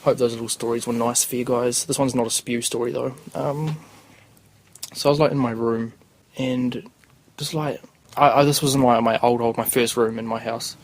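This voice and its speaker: A man's voice: mid-range voice, steady tone, moderate pace, low-quality recording. A young man with a New Zealand accent, a podcast host telling rambling, crude stories in casual slang. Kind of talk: casual storytelling.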